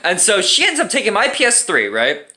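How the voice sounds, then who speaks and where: A man's voice: high-pitched, huge pitch swings, a little fast, sharp tone. A young man telling a story from his own life in a casual, profane, wry way.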